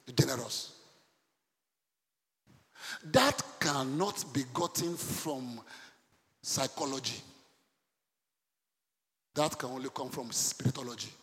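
A man preaching a sermon to a congregation, animated, quizzing his listeners and breaking into laughter and loud outbursts. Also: mid-range voice, takes it slowly, pauses often. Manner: animated preaching, sudden shouts and laughs, asks the congregation questions. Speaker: pastor. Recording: long hall reverb.

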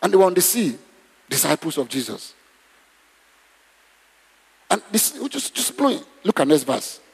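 A man preaching a sermon, animated and exclamatory, leading the congregation in prayer. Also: sits high, normal speed, gravelly, breathy edge. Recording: long reverb in a hall.

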